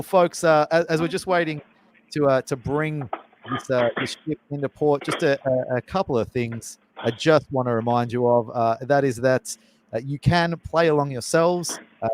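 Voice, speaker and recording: A man's voice: mid-range voice, rough recording. Jokey man hosting a cooking show. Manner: chatty and jokey, self-deprecating. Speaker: host.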